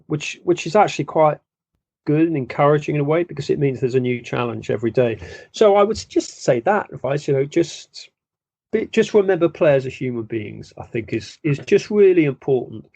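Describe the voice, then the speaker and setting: A man, a football journalist, giving measured, self-deprecating interview answers with frequent restarts. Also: mid-range voice, gravelly, dark tone, no echo. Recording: dull lo-fi dry sound.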